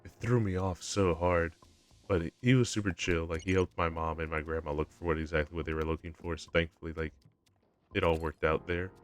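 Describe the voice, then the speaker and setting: A man's voice: low voice, fairly even intonation, a little fast. A young man chatting casually on a game stream, rambling with lots of fillers and restarts. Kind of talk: casual live-stream chat while gaming. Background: faint game music.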